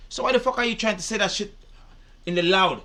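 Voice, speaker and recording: A man's voice: high-pitched, quick pace, pushed and bright. A man giving indignant, profane reaction commentary. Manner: indignant, profane, repetitive ranting. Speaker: reaction video host.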